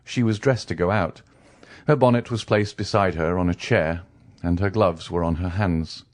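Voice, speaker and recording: Man reading an old novel aloud, really deep voice, steady and measured. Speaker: audiobook narrator. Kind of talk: scripted narration.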